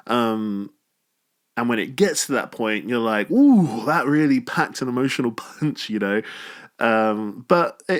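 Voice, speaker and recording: Chatty, animated man reviewing a film. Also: mid-range voice. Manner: animated, chatty, self-mocking. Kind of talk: casual spoken film review.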